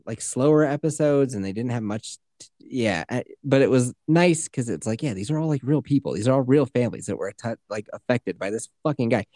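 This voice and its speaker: A man's voice: medium pitch, fairly quick, no room sound. A man in his thirties chats casually as a co-host. He tells stories with plenty of swearing and acts out little quotes as he goes. The sound is dry and close, with no room around it. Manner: profane, animated storytelling with acted-out quotes. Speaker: podcast co-host. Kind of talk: casual chat.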